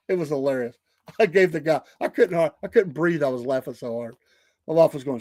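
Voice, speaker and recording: A middle-aged man with a Southern drawl spins stories in a relaxed, chatty way, often breaking into laughter and little acted voices. His voice sits a bit high for a man. The sound is dry and close to the mic. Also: a little fast, no echo. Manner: animated, laughing storyteller who acts out quoted voices. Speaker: podcast host. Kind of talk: casual storytelling chat.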